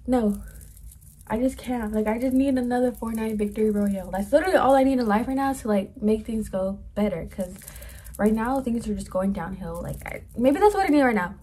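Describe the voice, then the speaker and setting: A woman's voice: fairly high pitch, a little mellow, slight background noise. Chatty, profane young woman vlogging. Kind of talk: casual get-ready-with-me chat.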